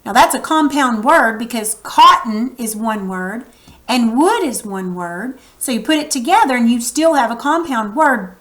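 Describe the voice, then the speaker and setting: Woman teacher going slow through a reading lesson, higher voice, patient, asks the class stuff. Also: a bit bright, low-quality recording.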